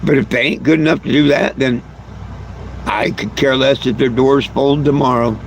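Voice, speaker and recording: A man's voice: mid-range voice, steady tone, moderate pace, vocal fry, a little hiss or hum, rough recording. A man vlogging outdoors by his bus in a casual, hesitant way, drawn out with fillers and repeated words. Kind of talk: casual rambling vlog talk. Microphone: camera he handles himself.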